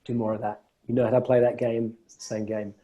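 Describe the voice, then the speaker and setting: An emphatic male coach speaking on a call. His voice is very bright and edged, and he often stumbles over repeated words as he builds toward his point. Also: medium pitch, level tone, fast, highs cut off. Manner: emphatic, repeats words when starting phrases. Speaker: coach and host.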